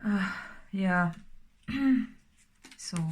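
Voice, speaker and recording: A woman's voice: medium pitch, extremely slow. A woman doing a casual tarot reading, talking in a rambling way with many fillers and sometimes dropping to a whisper. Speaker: tarot reader.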